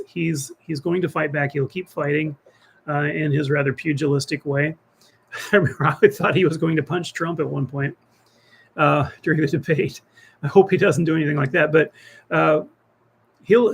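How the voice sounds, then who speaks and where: Gravelly older man debating politics. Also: a little high, rough recording. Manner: rambling, with many fillers and restarts. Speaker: co-host of political talk show.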